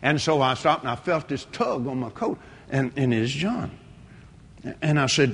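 A middle-aged man preaching a sermon and telling a story, swinging between shouted lines and hushed ones. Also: medium pitch, animated, normal speed, slight background noise.

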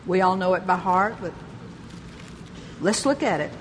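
An older woman preaching a sermon, lively, laughing often and exclaiming praise. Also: on the low side, measured pace, big-room sound, slight background noise.

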